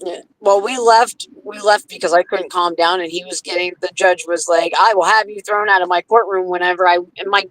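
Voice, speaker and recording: A woman's voice: lowish voice, steady tone, fairly quick, hardly any pauses, a bit bright, rough recording. A woman telling her story on a podcast in casual chat, heated and profane, often acting out what others said.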